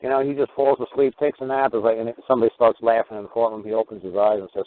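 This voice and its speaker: A man's voice: on the low side, racing. A man hosting a radio talk show, telling long rambling stories and acting out what others said. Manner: rambling, animated storytelling with acted-out quotes. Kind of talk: casual call-in radio talk. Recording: tinny phone-line audio.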